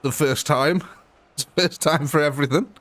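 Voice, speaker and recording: A man's voice: fairly high pitch, normal speed, a bit bright, dry recording. A man hosting a live gaming stream, blunt and joking, laughing often. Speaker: gaming livestream host. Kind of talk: casual live commentary.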